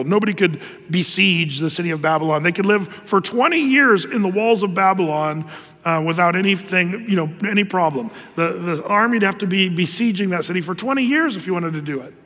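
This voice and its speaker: A male pastor delivers a sermon with emphatic, joking sarcasm. His voice is high for a man. A long reverb hangs on his words. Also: a bit bright.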